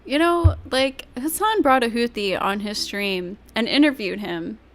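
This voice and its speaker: A woman's voice: on the high side, lively intonation, a little slow. A woman streamer reacting to clips, ranting bluntly and swearing freely. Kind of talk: casual livestream commentary.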